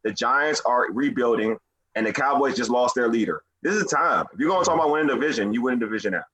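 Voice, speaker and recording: Male podcast guest, passionate and emphatic, rapid husky delivery. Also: medium pitch, expressive, a bit bright, rough recording. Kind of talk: casual sports podcast chat.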